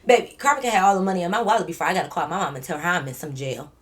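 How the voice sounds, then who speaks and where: A young woman, telling a storytime vlog in slangy, animated talk, acting out what people said. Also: lowish voice, rapid-fire. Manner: animated, slangy storytelling with acted-out quotes and swearing. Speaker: vlogger.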